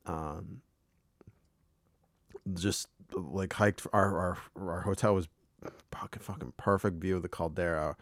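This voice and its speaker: A man's voice: sits low, steady tone, slow, pauses often, dry recording, clean studio sound. An American man co-hosting a podcast, chatting casually in a rambling way with lots of swearing and restarts. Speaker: podcast co-host. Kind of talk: casual chat.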